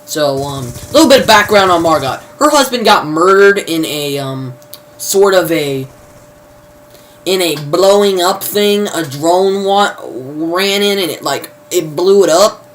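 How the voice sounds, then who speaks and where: A man's voice: high voice, lively intonation, unhurried, fairly bright tone, a little hiss or hum, poor audio. A man reviewing a TV show in a loose spoken recap, rambling and leaning constantly on "you know" fillers. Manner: informal, mild swearing substitutes.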